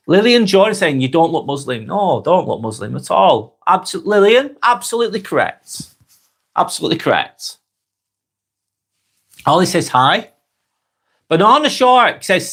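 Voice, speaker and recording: A man in his forties with a Northwest English accent, getting over a cold, reading out viewers' comments and chatting back in a relaxed, friendly way. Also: fairly high pitch, vocal fry. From Northwest England. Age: 40s. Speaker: live stream host reading comments. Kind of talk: casual live chat.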